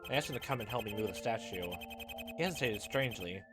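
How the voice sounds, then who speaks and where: A man's voice: lowish voice, animated, fast talker, lightly acted. A man voicing a subdued male art dealer giving a resigned confession, over game music.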